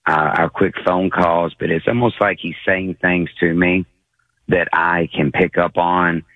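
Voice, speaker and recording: A very deep-voiced man in his forties calls in over a tinny, dry phone line. He speaks hesitantly and keeps stopping to restart his thoughts. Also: flat delivery, no room sound. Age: 40s. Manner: halting, hesitant, many fillers. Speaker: caller.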